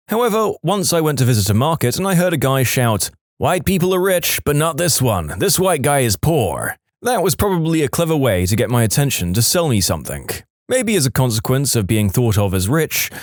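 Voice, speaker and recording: A man narrates reader-submitted stories for a podcast, close on a studio mic. His pitch swings widely as he tells each one, in a lively storyteller style. The sound is dry, with no room around it. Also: no echo.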